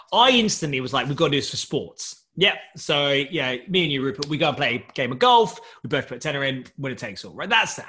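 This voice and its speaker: Animated man telling a story. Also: medium pitch. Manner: animated storyteller who laughs often and does voices. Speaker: startup founder. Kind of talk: anecdote in podcast chat.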